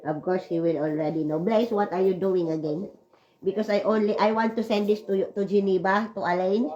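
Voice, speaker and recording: A woman's voice: medium pitch, fairly even intonation, brisk, muffled recording, a crowd in the background. Chatty emotional woman. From Switzerland. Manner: emotional, tearful at times, chatty with many fillers. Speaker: vlogger. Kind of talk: rambling personal vlog.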